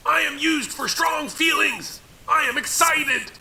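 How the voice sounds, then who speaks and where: A woman voicing a cartoon exclamation mark that gushes with excitement in a rapid, squeaky, gravelly voice. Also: heavily acted. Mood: excited. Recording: echoey with faint hiss.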